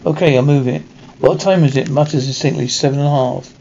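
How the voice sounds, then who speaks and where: A man voicing a determined female newspaper reporter, brisk and exasperated, on a dull lo-fi recording. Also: medium pitch, fairly even intonation, creaky, mellow, slight background noise, lightly acted.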